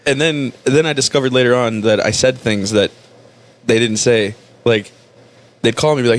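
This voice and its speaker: A man's voice: mid-range voice, steady tone, normal speed. A man with a Miami accent telling crude, joking stories in casual chat, acting out other people's voices.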